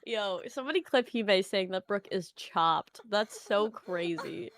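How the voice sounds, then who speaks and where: A woman's voice: mid-range voice, animated, unhurried. A young woman co-hosting a live reaction stream, playfully teasing and laughing. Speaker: co-host.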